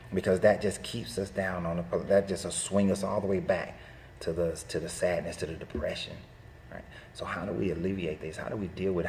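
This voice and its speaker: Earnest low-voiced man giving a motivational talk. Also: a little mellow, a little hiss or hum. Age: adult with young children. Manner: earnest, storytelling, repeats phrases. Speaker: speaker.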